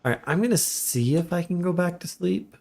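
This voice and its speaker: A man giving relaxed, chatty commentary while live streaming a game. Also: high-pitched, fairly quick, gravelly. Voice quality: relaxed, chatty, laughs often.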